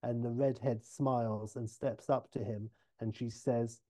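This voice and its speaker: A man casually retelling a TV episode idea in a loose, rambling storytelling pitch. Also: steady tone, unhurried, mellow. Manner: loose, filler-heavy retelling. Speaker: podcast host pitching a TV episode.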